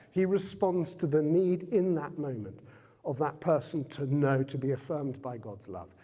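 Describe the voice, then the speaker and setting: A man's voice: a little high, expressive, a little slow, dark tone. A man giving a public talk as a guest speaker in a Jesuit centre hall, speaking conversationally and asking the audience questions. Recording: reverberant hall.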